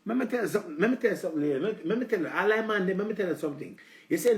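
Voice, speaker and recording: A man's voice: high voice, animated, very fast, echoey room. A man with a Jamaican accent rambling in a preachy, lecturing way, addressing his listeners directly on a live stream. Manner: preachy, lecturing, repeats "let me tell you something".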